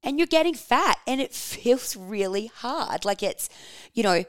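A woman, telling personal stories in a frank, animated way, swearing casually and laughing as she talks. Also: fairly high pitch, unhurried, dry recording, studio quality. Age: 30s. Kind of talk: personal storytelling, candid and confessional.

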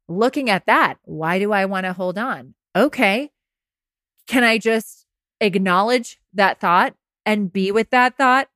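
A woman's voice: medium pitch, fairly bright tone, no room sound, clean studio sound. A woman podcast host coaching listeners through heartbreak in a casual, candid monologue, swearing now and then and laughing at herself.

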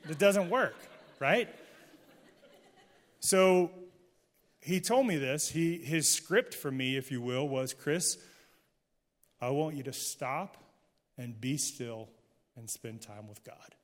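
A man's voice: fairly high pitch, lively intonation, slow pace, pauses often, long reverb tail. A middle-aged man, a pastor, preaching a sermon to a live audience in a candid, conversational way, joking with the listeners. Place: church hall, before a live audience.

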